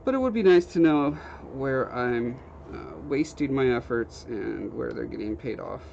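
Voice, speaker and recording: A man's voice: medium pitch, moderate pace, creaky. A young man livestreaming from a home workshop, casually rambling and reading out viewer comments. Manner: relaxed, rambling, reads viewer comments aloud. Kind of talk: casual chat while working, reading chat. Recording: slightly dull stream audio with faint background noise.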